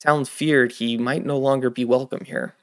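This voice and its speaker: A man narrates a fantasy audiobook in a steady, scripted storytelling manner. He does the plain narration between the characters. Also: medium pitch, moderate pace.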